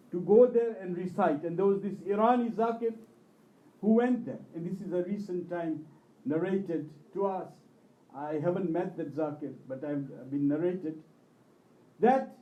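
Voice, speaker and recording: A man's voice: high voice, dark tone. A man preaching a religious sermon, telling a story with impassioned rises and falls in his voice. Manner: impassioned storytelling, voice rising and falling with emotion. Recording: echoey hall, mic at a distance.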